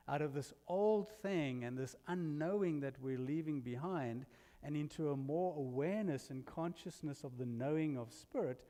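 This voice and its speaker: A man's voice: a little high, dark tone. A man giving a sermon with humorous, self-deprecating stories, from outside the US, speaking in a church sanctuary. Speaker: guest minister. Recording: long reverb of a hall.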